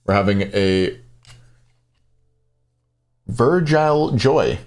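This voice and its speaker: Man, casual esports stream host, lively up-and-down pitch, chatty and relaxed, answers chat. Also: slow pace, pauses often.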